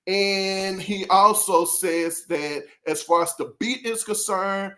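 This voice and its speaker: Here a music reviewer with a high-sitting, fairly bright voice talks at a slow pace. Hosting a casual album review, he rambles and interrupts himself, frequently laughing and saying sorry to his viewers.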